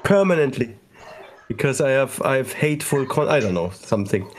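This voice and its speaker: A man's voice: medium pitch, lively intonation, a little fast. A man with a German accent in a casual group chat, laid-back with dry humor. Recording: noisy online call audio.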